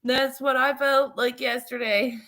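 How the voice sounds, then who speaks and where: A woman's voice: high-pitched, fairly even intonation, measured pace, bright, forceful tone. A woman vlogger telling a personal story in a frank, rambling, profane way. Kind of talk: casual storytelling vlog.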